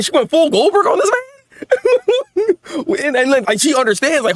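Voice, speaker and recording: Excitable high-voiced young man reacting. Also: measured pace, no echo. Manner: excitable, stammering repeats, frequent laughter. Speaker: manga reaction host. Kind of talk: live manga reaction and review.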